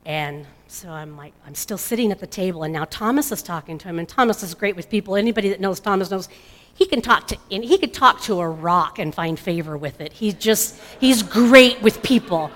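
A middle-aged mother giving an emotional personal testimony, halting and restarting often. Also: mid-range voice, lively intonation, fairly bright tone. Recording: long hall reverb.

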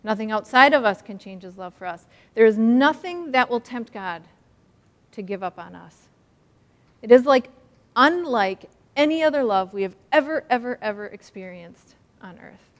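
A woman's voice: fairly high pitch, animated, normal speed, a bit bright, long reverb tail. A woman preaching a sermon, earnest and emphatic, acting out a story as she teaches. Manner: earnest and emphatic, acts out stories.

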